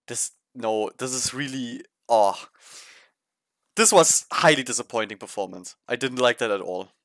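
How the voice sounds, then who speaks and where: A man's voice: medium pitch, unhurried, fairly bright tone, no room sound. A man with a German accent co-hosting a podcast, bluntly giving his opinions on performances in casual chat. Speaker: podcast co-host.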